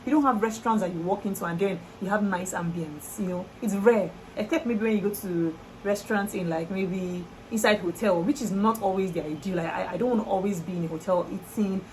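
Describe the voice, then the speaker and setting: A young Nigerian woman with a Nigerian accent chatting to camera in a lively, exclamatory vlog style. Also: mid-range voice, a little fast, hardly any pauses, slight background noise, low-quality recording. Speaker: vlogger. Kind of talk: casual chat to camera.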